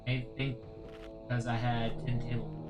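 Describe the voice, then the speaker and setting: A man's voice: mid-range voice, level tone, normal speed, over loud music. A man chatting casually on a livestream, blunt and swearing freely. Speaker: streamer.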